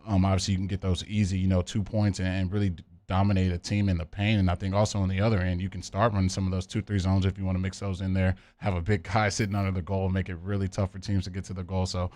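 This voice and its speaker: A man co-hosting a sports talk radio show, chatting quickly and laughing easily. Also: deep voice, little pitch movement, darkish tone, dry recording.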